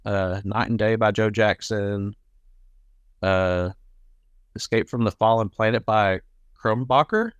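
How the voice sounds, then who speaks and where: Smooth-voiced male podcast host. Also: on the low side, takes it slowly, long pauses, dry recording, muffled recording. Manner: relaxed, laughs often, many fillers. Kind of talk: casual chat.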